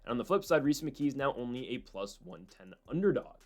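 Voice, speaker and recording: A man hosting a solo fight-prediction show, talking in an animated, opinionated way and slipping in quick voices of other people. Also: mid-range voice, faint music behind. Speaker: MMA prediction channel host.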